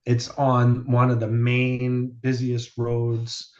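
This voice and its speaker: A man telling loose, meandering stories in casual podcast chat, swearing now and then and leaning on fillers. His voice sits in an ordinary middle pitch. The recording sounds muffled and lo-fi. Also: completely flat delivery, takes it slowly, darkish tone. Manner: rambling storyteller, swears casually, many fillers. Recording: dull lo-fi sound.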